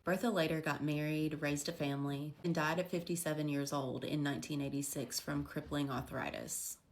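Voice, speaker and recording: A woman tells a brief ghost story in a very low voice. She speaks directly to the listener and poses questions to them. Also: steady tone, normal speed. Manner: direct, addresses the viewer with questions. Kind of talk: short scary story narration.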